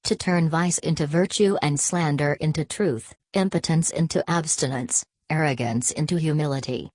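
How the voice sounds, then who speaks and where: A woman narrating a novel as an audiobook in an even storytelling read. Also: deep voice, dry recording. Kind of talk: scripted narration.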